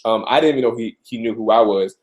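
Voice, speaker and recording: A man's voice: on the low side, quick pace. Chatty young man with a cold. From Tucson, Arizona. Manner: loose and chatty, many fillers and restarts. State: a little sick, clearing throat. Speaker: rapper answering viewer questions. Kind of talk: casual live Q&A stream.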